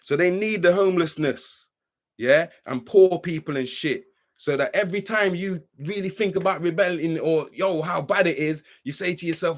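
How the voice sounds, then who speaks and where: This livestream host has a voice on the high side and talks at a normal speed. He rants heatedly and profanely, preachy and worked up, says as much himself, and keeps asking whether you understand.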